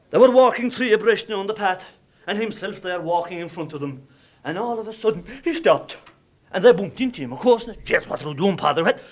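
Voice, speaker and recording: Irish storyteller with a high voice. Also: male voice. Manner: lively, dramatic, dialect-rich telling. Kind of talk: traditional folk storytelling.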